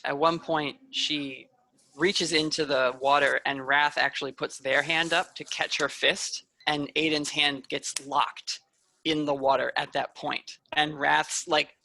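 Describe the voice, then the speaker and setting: Woman, game master, chatty narration, gravelly, bright, dry recording. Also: low-pitched, no room sound. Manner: chatty, lots of fillers. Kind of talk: narrating a tabletop game podcast.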